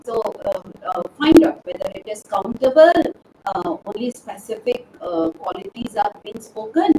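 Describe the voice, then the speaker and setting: A woman's voice: fairly high pitch, lively intonation, normal speed, recorded from a distance. Female grammar trainer, live webinar, question-and-answer delivery, hesitant fillers. Echoey room, faint background noise. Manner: poses questions to the class and answers them herself; hesitant, frequent "uh" fillers and restarts. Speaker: verbal aptitude trainer. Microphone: distant from the microphone.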